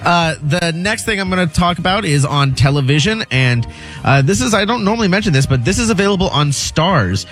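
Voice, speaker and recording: A man's voice: sits high, expressive, a little fast, fairly bright tone, soft background music. A man giving an entertainment news segment on a radio show, casual and hesitant with lots of filler sounds.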